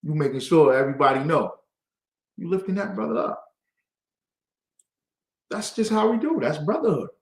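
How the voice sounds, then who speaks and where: Animated high-voiced man teaching scripture. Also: normal speed, creaky, long pauses, reverberant. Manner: lively, call-and-response, acts out quoted voices. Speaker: class teacher.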